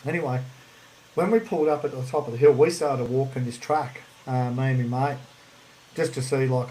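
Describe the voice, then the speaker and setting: A man's voice: mid-range voice, normal speed, dark tone, a little hiss or hum, poor audio. A man with an Australian accent hosting a podcast livestream, telling a rambling story and swearing freely. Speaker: podcast host.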